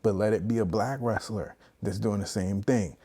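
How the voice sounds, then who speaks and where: A man holds forth in a loose, animated rant on a live stream. His voice sits low and mellow, and he keeps breaking into mocking impressions when he quotes other people. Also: normal speed, husky. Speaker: streamer host. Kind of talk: casual wrestling commentary on a live stream.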